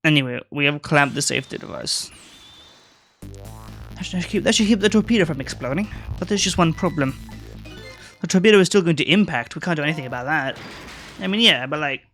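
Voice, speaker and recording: Man, game streamer, fairly high voice, dry cursing asides, faint music under him. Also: lively intonation, brisk, long pauses, a bit bright. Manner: reads game text aloud, swears casually, wry asides. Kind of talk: casual gameplay commentary.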